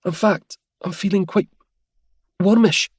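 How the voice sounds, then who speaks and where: A man's voice: sits high, unhurried, husky, no echo, studio quality, voice pushed up. A man narrator voicing a cheerful, feverish young Scottish woman who stammers as she shivers. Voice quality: soft and stammering.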